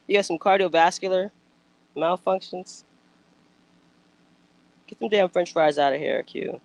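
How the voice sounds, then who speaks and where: At a measured pace and with frequent pauses, a woman with a fairly low, vocal-fry voice gives casual reaction commentary. She's blunt and emphatic, curses freely, and fires off animated rhetorical questions and outbursts. The low-quality recording has no echo.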